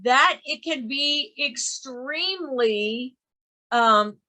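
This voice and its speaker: A woman's voice: high-pitched, expressive, very slow, bright, forceful tone. A woman with a Southern US accent teaching a real estate continuing-education class. She stresses her points emphatically and often repeats them. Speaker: real estate course instructor.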